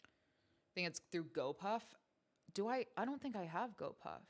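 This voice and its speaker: A woman's voice: medium pitch, animated, a little slow. A woman hosting a livestream from home, chatting casually with her viewers in a playful, self-mocking way. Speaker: stream host.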